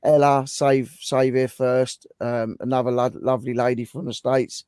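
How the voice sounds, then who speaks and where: A man hosting a casual livestream, thanking viewers warmly while his voice goes hoarse. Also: mid-range voice, flat delivery, normal speed, no echo, clean studio sound. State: voice going hoarse. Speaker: livestream host.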